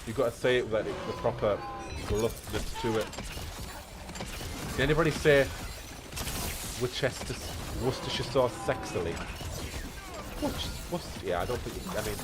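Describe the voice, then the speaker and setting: A man's voice: mid-range voice, normal speed, pauses often, heavy background noise. A British man streaming a game, chatting playfully and answering his chat as he goes. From Britain. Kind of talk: casual chat while gaming.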